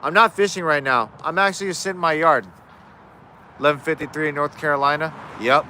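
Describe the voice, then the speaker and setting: Bright-voiced man chatting on a livestream. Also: on the high side, fast talker, slight background noise. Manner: rambling, frequent restarts, answers chat. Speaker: fishing livestream host. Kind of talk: casual live Q&A chat. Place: outdoors in his yard.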